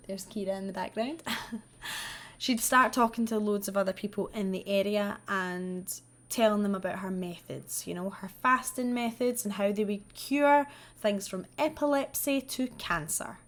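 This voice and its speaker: A woman's voice: mid-range voice, unhurried, a bit bright. A woman, the host, telling a true-crime story in a chatty, sweary way with wry asides while she does her makeup. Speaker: vlogger.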